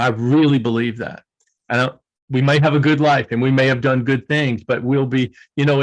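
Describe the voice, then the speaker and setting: A man's voice: medium pitch, rough recording. A man speaking as an interview guest, earnest and emotional, repeating his key points. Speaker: guest author. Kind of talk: heartfelt interview answers.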